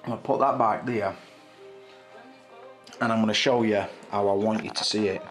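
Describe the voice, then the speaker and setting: Loud swaggering man. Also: on the low side, fairly even intonation, normal speed, soft background music. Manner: loud, swaggering, heavy swearing. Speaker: action figure collector vlogger. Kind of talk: casual boastful hobby vlog.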